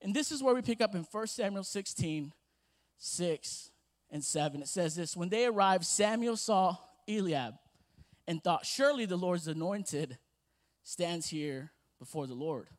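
A young man preaching a sermon, telling a family story with lively voices before moving into scripture. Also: high voice, measured pace.

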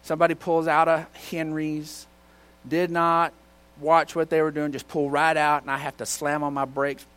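A man preaching a sermon in church, telling folksy stories and now and then shouting out a line. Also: a little high, monotone, moderate pace, smooth. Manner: folksy storytelling with bursts of shouting. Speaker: pastor.

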